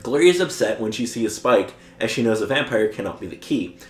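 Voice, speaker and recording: A man's voice: mid-range voice, lively intonation, brisk, roomy sound. A man co-hosting a podcast, recapping a show's plot in casual chat and chuckling often as he goes. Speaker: podcast co-host recapping episodes.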